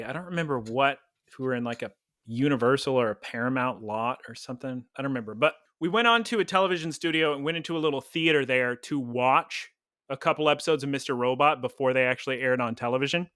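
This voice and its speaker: With a medium-pitched voice that's bright and forceful, a young man co-hosts a podcast in a loose, chatty way, drifting through stories and laughing frequently. The recording is dry and studio quality.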